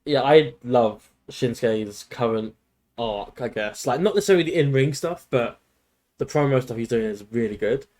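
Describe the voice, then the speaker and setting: A man chatting casually on a podcast in a loose, eager way. He keeps dropping "like" between his thoughts. His voice sits at an ordinary middle pitch. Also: moderate pace, a little mellow. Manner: loose, enthusiastic, says "like" constantly. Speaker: podcast co-host. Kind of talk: casual chat.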